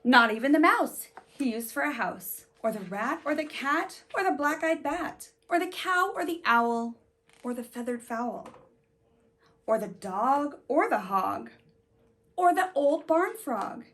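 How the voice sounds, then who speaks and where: A woman reading a children's picture book aloud in an animated, sing-song way, stopping to ask her young listeners questions. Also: high-pitched, measured pace. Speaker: storybook reader.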